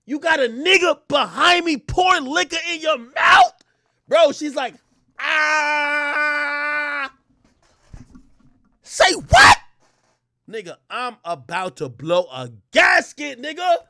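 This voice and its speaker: Male streamer, high bright voice, swings wild, dry close sound, profane storyteller. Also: a little slow, no echo. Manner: profane, animated, shouts at peaks. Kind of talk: casual storytelling rant.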